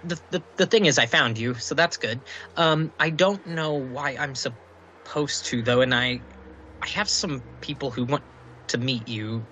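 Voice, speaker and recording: A man's voice: mid-range voice, measured pace, pushed and bright, slight background noise. A man voicing a timid, overwhelmed young girl who stammers and halts nervously. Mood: timid, flustered. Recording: muffled, dull audio.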